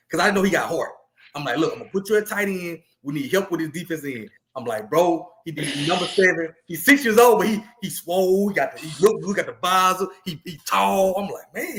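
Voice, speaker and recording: A man, a podcast co-host and youth football coach, telling a story in animated, casual talk with lots of repeated words. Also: a little high, slight background noise.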